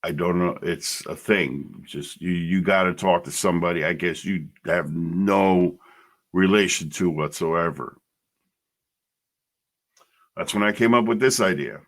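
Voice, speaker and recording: A man's voice: deep voice, takes it slowly, pauses often. A middle-aged man hosting a podcast, telling his own story bluntly and emotionally, swearing freely. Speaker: podcast host. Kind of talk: personal storytelling monologue.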